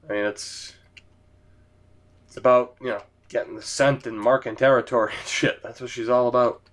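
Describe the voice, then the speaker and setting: A man's voice: mid-range voice, steady tone, moderate pace. A man giving casual let's-play commentary on a hockey game, sleepy and yawning, rambling and swearing casually from his chair at home. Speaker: gaming commentator. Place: home gaming setup, in a chair.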